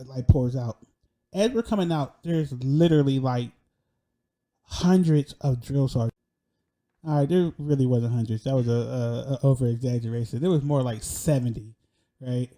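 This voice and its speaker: A young man telling a personal story in an animated, slangy way, often laughing. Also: medium pitch.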